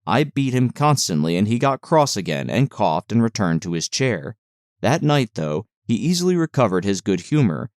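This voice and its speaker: A man with a fairly low voice reads a classic novel aloud in a measured, expressive way. The sound is dry and close, with almost no room around it. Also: no echo. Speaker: audiobook narrator. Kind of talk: scripted narration of a classic novel.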